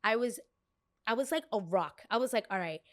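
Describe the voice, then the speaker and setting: A young adult woman hosting a podcast, retelling a story in a sassy, animated, dramatic way with quick bursts. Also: a little high, no echo, studio quality. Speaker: podcast host. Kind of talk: casual storytelling.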